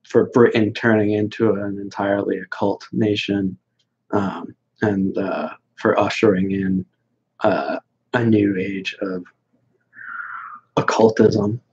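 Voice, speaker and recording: A man's voice: lowish voice, darkish tone, slightly rough, highs cut off. A man hosting a casual livestream and answering viewer questions in a blunt, dismissive way, rambling with many fillers.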